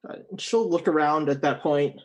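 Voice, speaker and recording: A man playing a tabletop game, describing his character's actions with hesitant filler words. His voice sits fairly high. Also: normal speed, rough recording. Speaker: player.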